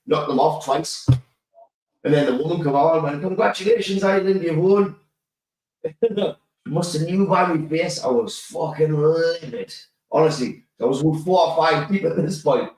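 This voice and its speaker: Mężczyzna z północnej Anglii, gada w pogłosie. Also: male voice, a little high, moderate pace. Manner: animated storytelling, swears, laughs often. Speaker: podcast co-host. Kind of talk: casual chat. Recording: roomy sound, mic at a distance.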